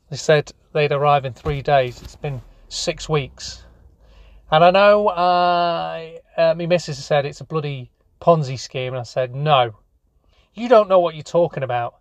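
A man hosting a comedy show in a rambling, deadpan monologue full of restarts. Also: a little high, gravelly, no echo, dull audio.

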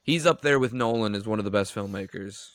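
A man co-hosting a film podcast who steers the conversation in a measured, agreeable way. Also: fairly low pitch, a bit bright, dry recording. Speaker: podcast co-host. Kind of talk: casual film podcast chat.

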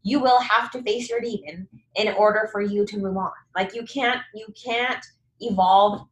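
A woman hosting a casual conversation, animated and encouraging, often acting out inner voices. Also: mid-range voice, normal speed. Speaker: podcast host. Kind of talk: casual chat. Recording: echoey room.

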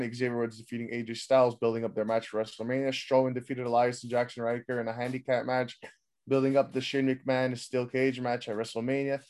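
A man's voice: medium pitch, darkish tone, smooth. A man hosting a wrestling podcast, casually recapping the show in a loose, rambling way with plenty of swearing.

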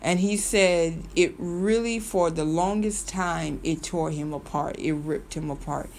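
A woman's voice: sits low, a little slow, slight background noise. A woman hosting a video, telling a story in a loose, rambling way, full of ums and repeated phrases, and turning emphatic when she gets worked up. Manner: animated and emphatic, slips into mimicry. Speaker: video host. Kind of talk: casual storytelling commentary.

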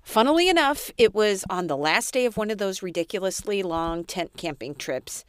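A woman's voice: mid-range voice, lively intonation, normal speed, clear, resonant tone, no echo. A woman hosting a podcast, telling her own story in a candid, self-deprecating way and talking straight to her listeners. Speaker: podcast host.

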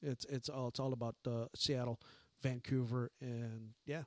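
A man's voice: medium pitch, level tone, normal speed, dry recording. A man who is a stand-up comedian, chatting casually as a guest, rambling with restarts and jokes. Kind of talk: casual interview chat.

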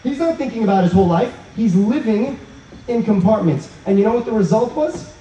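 A man giving an inspirational talk at an outdoor evening gathering, telling stories in an animated way and acting out the dialogue. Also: high voice, fairly quick, a little hiss or hum. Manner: animated storyteller who acts out quoted dialogue. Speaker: speaker at a religious event. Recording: roomy, dull sound from a distance.

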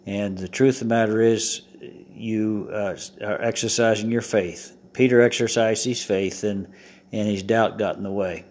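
A man's voice: on the low side, fairly even intonation, normal speed, a little mellow. A man, a pastor, giving a short devotional sermon: a corny joke first, then a scripture reading and preaching with emphatic swells.

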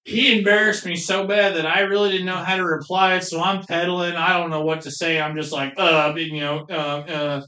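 A man's voice: on the high side, little pitch movement, normal speed, few pauses, sharp tone. A man, co-hosting a podcast and telling a rambling, casual story full of swearing. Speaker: podcast co-host. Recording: echoey room.

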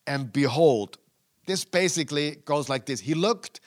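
A man's voice: fairly high pitch, lively intonation, measured pace. A man preaching a sermon, earnest and emphatic but conversational.

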